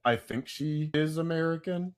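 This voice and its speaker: A man co-hosting a casual pop-culture podcast, chatty and prone to loud bursts of hype. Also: a little high, normal speed. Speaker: podcast co-host.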